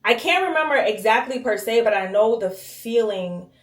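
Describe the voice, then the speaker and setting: A woman's voice: on the high side, animated, normal speed. A woman telling a personal story casually to her viewers while cleaning her bathroom, emphatic and often checking in with "okay?". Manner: emphatic, talks straight to viewers with frequent "okay?". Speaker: vlogger. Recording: echoey bathroom.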